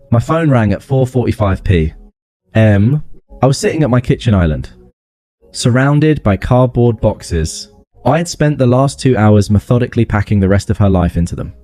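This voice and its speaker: A man narrating a first-person story in a flat, calm, matter-of-fact way. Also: medium pitch, moderate pace.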